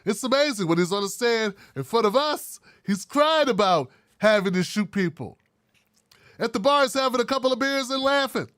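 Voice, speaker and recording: Blunt, animated male commentator. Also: very high-pitched, normal speed, dry recording, studio quality. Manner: blunt, animated, wry asides. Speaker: political commentary host. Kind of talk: casual solo commentary.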